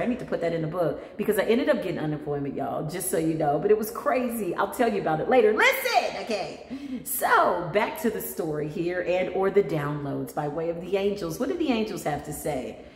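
A woman, an intuitive spiritual practitioner, telling her story animatedly in a vlog and slowing down to give soothing spiritual advice. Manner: animated, acts out callers in jumpy high voices; slow and soothing when giving spiritual advice. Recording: echoey room with long reverb and faint noise.

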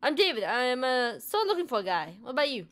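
A woman's voice: sits high, very animated, a little fast, a bit bright. A woman voicing an awkward young man in a horror game who apologizes for scaring someone. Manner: sheepish, apologetic.

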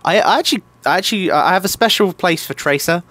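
A man's voice: sits high, animated, quick pace, sharp tone. A young man chatting as a podcast guest, gushing with enthusiasm and tripping over his restarts. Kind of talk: casual podcast chat.

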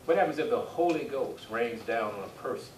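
A man's voice: mid-range voice, animated, fairly quick. A man preaching a sermon, reading scripture aloud and drawing amens from his congregation. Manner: call-and-response, asks the congregation for amens; reads scripture aloud in King James wording. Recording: echoey church hall, distant mic, faint hiss.

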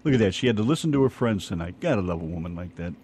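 A man's voice: deep voice, rapid-fire, slight background noise. A man with an American accent co-hosting an online radio show, telling crude jokes in casual banter. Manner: joking, crude, animated.

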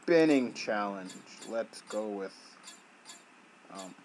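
Guy playing a game, slow talker, yells at the game then mutters, pitch all over, little hiss behind. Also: very animated, rough recording. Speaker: gaming YouTuber. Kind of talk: gameplay commentary.

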